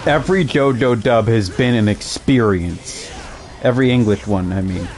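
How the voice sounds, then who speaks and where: A man's voice: mid-range voice, normal speed, darkish tone, slight background noise. A young adult man giving casual, rambling gaming commentary, full of fillers and amused asides.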